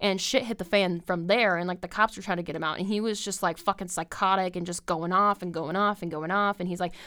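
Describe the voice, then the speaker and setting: Fairly quick and steady in tone, a young woman's lowish, slightly bright voice carries a long, rambling podcast story full of "like" and swearing. She's the host, and the recording is dry and studio quality.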